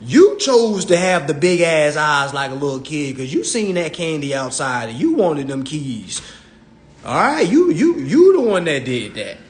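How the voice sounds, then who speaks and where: A man's voice: on the high side, big pitch swings, a little slow. Blunt profane man ranting on a live. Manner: blunt, profane, preachy, quotes imagined dialogue. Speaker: social media live host. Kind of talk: unscripted livestream rant.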